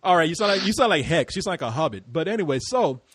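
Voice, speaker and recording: An American man hosting a casual group podcast, loud, laughing and swearing freely. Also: fairly high pitch, sing-song, fast, breathy edge, no room sound. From United States. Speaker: podcast host.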